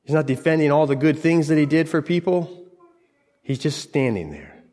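A man's voice: fairly high pitch, animated, normal speed, darkish tone. A man preaching a sermon, telling a scripture story dramatically in short, broken phrases. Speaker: pastor. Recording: long hall reverb.

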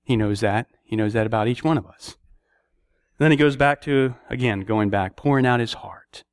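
A man preaching a sermon, telling stories and acting out prayers and dialogue with sudden rises in pitch. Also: normal speed, clean tone, dry recording.

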